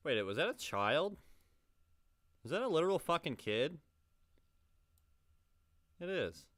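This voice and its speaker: A man's voice: fairly high pitch, big pitch swings, slow, a bit bright, dry recording, clean studio sound. A man hosting a reaction video, talking casually with exasperated, profane remarks and laughing asides.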